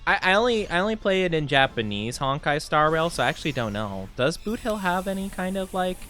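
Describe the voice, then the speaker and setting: Chatty male game streamer, animated pitch, faint background music. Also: brisk. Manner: lively, playful, chatty with viewers. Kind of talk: casual gaming stream chat.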